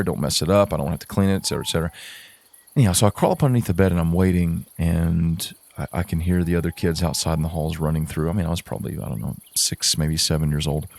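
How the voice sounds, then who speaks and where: Man, very low voice, first-person spooky story, stumbles and repeats words for suspense. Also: gravelly, a little mellow. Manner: halting, repeats words while building suspense. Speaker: podcast storyteller.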